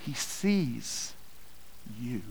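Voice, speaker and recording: A man preaching a sermon, with slow, dynamic delivery that swells loud and then drops soft. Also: medium pitch, sing-song, vocal fry, slight background noise, low-quality recording. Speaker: pastor.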